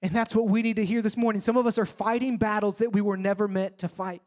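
A young man preaching a sermon in a conversational, animated storytelling way, acting out quotes as he goes. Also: high-pitched, fast talker. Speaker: pastor.

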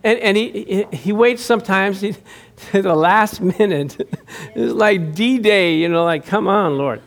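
High-voiced man preaching a story sermon. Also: unhurried. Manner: chatty storytelling, laughs often. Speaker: pastor.

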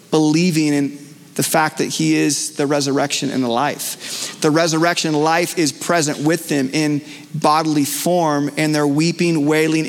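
A man's voice: fairly high pitch, creaky. A male pastor preaching a live sermon in a church, earnest and conversational with frequent fillers and restarts. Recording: long church hall reverb.

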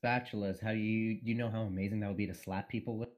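A man's voice: fairly low pitch, steady tone, fast, darkish tone. A man being interviewed on a casual podcast about his writing, rambling and self-conscious, and swearing often. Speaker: guest writer.

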